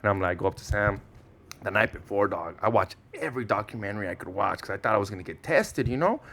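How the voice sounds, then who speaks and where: Here the Mexican-American podcast guest from Southern California, a Spanish-first speaker in his thirties, sounds low-pitched and quick. He's an animated storyteller in loose podcast conversation, using slang, cursing, and performing the lines people said.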